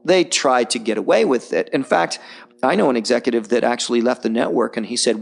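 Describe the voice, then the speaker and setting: A middle-aged man speaking as a podcast guest, blunt and animated, telling stories and mocking others in put-on voices. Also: mid-range voice, a little fast, vocal fry. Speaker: podcast guest, survival filmmaker. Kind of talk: candid conversational interview.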